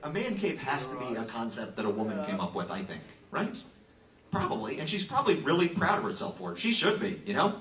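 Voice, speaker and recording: A man's voice: mid-range voice, wildly swooping pitch, brisk, fairly bright tone, far from the mic, a little hiss or hum. A man musing through observational stand-up jokes, recorded from afar in an echoey room. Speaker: stand-up comedian. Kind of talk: stand-up comedy.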